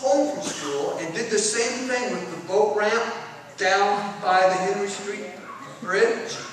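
A middle-aged man giving an animated storytelling talk at a conference, sometimes shouting out parts of his stories. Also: high-pitched, takes it slowly. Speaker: conference speaker. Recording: echoey hall from far off.

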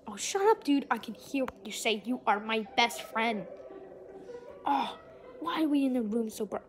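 A young female gamer giving excitable gameplay commentary, often breaking into shrieks and exclamations. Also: fairly high pitch, moderate pace.

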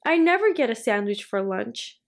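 A woman voicing an eager, cheerful little girl witch who chants rhyming spells in a bright, excited way. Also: on the high side, moderate pace, vocal fry.

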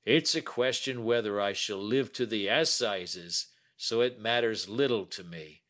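A man voicing an aging, remorseful man who talks in a slow, heavy, pleading way. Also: lowish voice, fairly bright tone. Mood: confessing.

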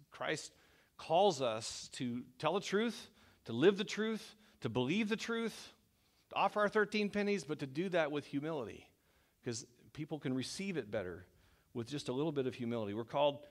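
A man's voice: fairly high pitch, animated, moderate pace. A middle-aged man preaching as a pastor in a church, talking in a conversational, self-deprecating way that often restarts his sentences. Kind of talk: sermon. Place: church sanctuary.

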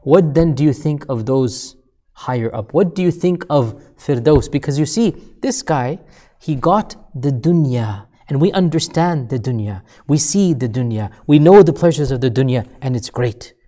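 A man's voice: mid-range voice, animated, moderate pace, mellow. A man giving a sermon-style lecture, telling a story with building emphatic repetition and asking listeners rhetorical questions. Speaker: Islamic lecturer.

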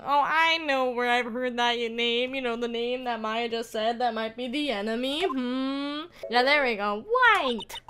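A woman's voice: fairly high pitch, noisy background. Giggly young woman gaming, crude jokes. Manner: giggly, crude and joking, reads game lines aloud in voices. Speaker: let's play streamer. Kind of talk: casual gameplay commentary. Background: game music.

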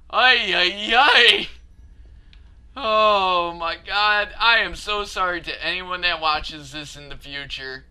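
A man's voice: high-pitched, slow pace, pushed and bright, clear, resonant tone. A man commentating his own gameplay, getting frustrated, laughing and cursing at failed jumps. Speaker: let's play gamer.

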